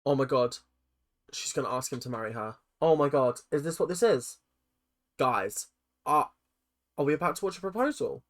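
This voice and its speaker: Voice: mid-range voice, expressive, normal speed, pauses often. A reaction video host giving chatty, rambling commentary, laughing often and swearing casually.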